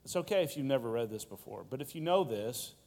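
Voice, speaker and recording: A man's voice: mid-range voice, lively intonation, fast talker, darkish tone, big-room sound. A male pastor preaching a sermon with rhetorical questions and playful asides.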